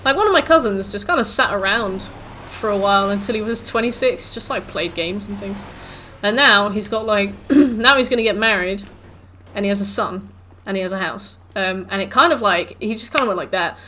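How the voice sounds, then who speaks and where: A woman's voice: mid-range voice, fairly quick, sharp tone. Girl in her 20s streaming, rambly casual chat, lots of likes and ums, bit of faint noise. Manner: rambling and chatty, full of "like" and "um". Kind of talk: casual chat with viewers while gaming.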